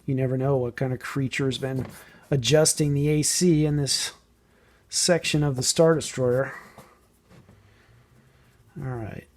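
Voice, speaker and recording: A man casually explaining a painting technique as he works, thinking aloud and sometimes trailing off softly. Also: medium pitch, steady tone, a little slow, pauses often. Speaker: model painting tutor. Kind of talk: casual hands-on painting tutorial.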